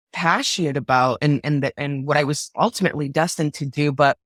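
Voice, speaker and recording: A woman's voice: sits low, dry recording, studio quality. A middle-aged woman conductor from Los Angeles, a podcast guest telling a story emphatically, often repeating and stumbling over words. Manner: emphatic, repeats words and stammers when moved. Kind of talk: casual interview storytelling.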